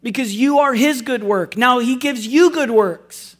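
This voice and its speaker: A man's voice: extremely high pitch, unhurried, fairly bright tone. Earnest man preaching a sermon. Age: adult with school-age children. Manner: earnest, conversational, with wry self-deprecating asides. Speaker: pastor.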